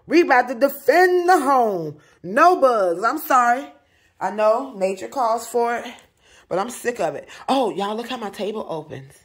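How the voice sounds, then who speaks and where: A young woman chatting casually to her viewers in a home vlog, animated and talking straight to them. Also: lowish voice, slightly rough. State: out of breath in places. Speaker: vlogger. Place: home, indoors.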